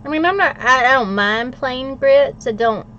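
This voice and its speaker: A woman's voice: high-pitched, moderate pace, a bit bright, slight background noise. Chatty woman hosting a livestream. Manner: chatty and playful, reads viewer comments aloud, laughs often. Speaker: livestream host. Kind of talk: casual livestream chat while journaling. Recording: slightly dull lo-fi audio.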